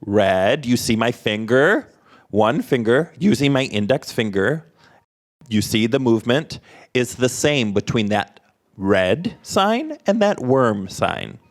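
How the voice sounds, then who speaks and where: A man teaching a workshop in a slow, unhurried delivery. His pitch moves a lot and keeps the talk lively. He throws short questions and prompts out to the room. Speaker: sign language interpreter voicing a presenter.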